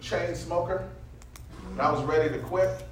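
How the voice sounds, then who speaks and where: A man preaching a sermon, stopping a reader to teach and drawing call-and-response from the room, building from calm teaching into impassioned near-shouting. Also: a little high, normal speed, slight background noise. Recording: echoey room, mic from far off.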